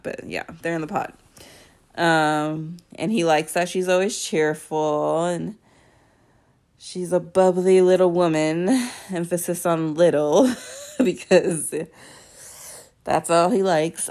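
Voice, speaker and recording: A young woman hosts a casual podcast recap, talking slowly in a low voice. She is sarcastic and laughs often as she goes. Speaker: podcast host recapping a reality show.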